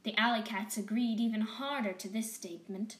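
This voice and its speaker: A woman narrating a bedtime story slowly and gently, often dropping into whispers. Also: a little high, steady tone, reverberant.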